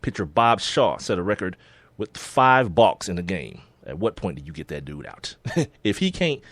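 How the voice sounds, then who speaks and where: A man co-hosting a sports podcast, talking in a relaxed, casual way and often laughing as he reads out sports history. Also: fairly low pitch, no room sound. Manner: laid-back, laughs often, reads listings with slips. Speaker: podcast co-host.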